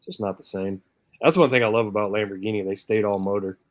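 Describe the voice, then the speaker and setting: Casual male stream host, lowish voice, dry and close, chats and chuckles. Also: steady tone, quick pace, dry recording. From Canada. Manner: laughs often, reads chat comments aloud. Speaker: livestream host. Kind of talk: casual live chat.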